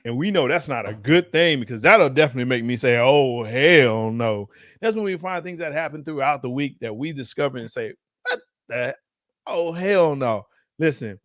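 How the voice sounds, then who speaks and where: A man's voice: mid-range voice, no room sound, studio quality. A man co-hosting a sports podcast in casual debate. He teases his co-host and laughs often. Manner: teasing, laughs often, animated.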